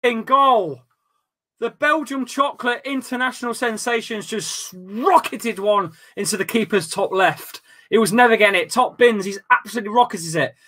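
Man, football watchalong host, animated outbursts, swearing, bright tense tone, slightly high voice. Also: moderate pace. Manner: casual banter with friends. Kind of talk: excitable live match commentary.

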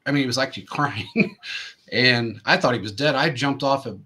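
A man's voice: mid-range voice, animated, normal speed, pushed and bright, breathy edge. A male host telling rambling sports anecdotes in casual chat, full of fillers and restarts.

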